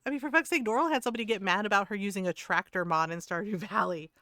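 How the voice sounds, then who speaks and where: A middle-aged woman chats on her game stream, blunt and freely swearing, with frequent laughter. Her voice is smooth and clear. The sound is dry and close, with no room echo. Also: medium pitch, racing, pushed and bright. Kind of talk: casual stream chat.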